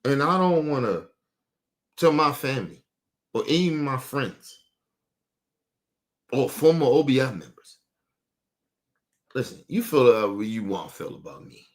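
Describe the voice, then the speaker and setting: A young man, ranting emotionally and profanely on a live stream, dropping low and quiet, then bursting out loud. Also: expressive, a little slow, pauses often.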